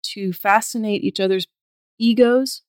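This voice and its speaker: A woman speaking as a guest medical intuitive in a casual podcast conversation, calm and explanatory, with a spiritual bent. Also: medium pitch, a little slow, smooth, dry recording, studio quality.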